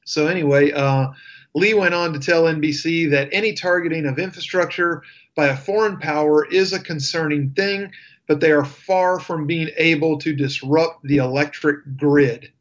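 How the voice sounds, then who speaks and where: The sound is lo-fi, and the man hosting this radio show has a fairly high voice at a moderate pace. He delivers casual news commentary, peppered with fillers and dry, sarcastic remarks.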